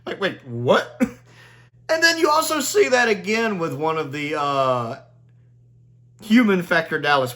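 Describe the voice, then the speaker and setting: Lively, laughing man in a chatty review. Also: fairly high pitch. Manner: gleeful, laughs often, chatty with many "like"s. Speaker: video reviewer. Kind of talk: casual spoken review.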